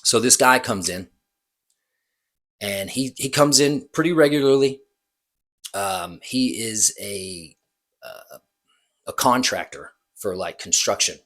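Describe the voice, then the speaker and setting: A man's voice: fairly low pitch, animated, slow pace, pauses often, a bit bright. A man who works as a bartender, casually telling a story in a rambling, hesitant way and correcting himself.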